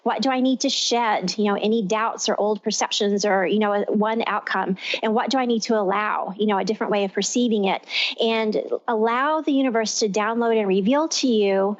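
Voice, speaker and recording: A woman's voice: medium pitch, a little fast. A woman from Texas hosting a talk radio show, explaining in long flowing sentences. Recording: lo-fi radio sound.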